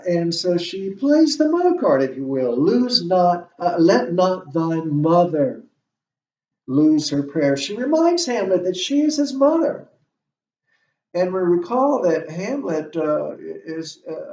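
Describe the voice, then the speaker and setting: A male instructor lecturing on a play, talking haltingly with many fillers and restarts. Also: on the high side, a little mellow. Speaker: literature instructor. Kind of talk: classroom lecture. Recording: echoey room, distant mic, dull sound.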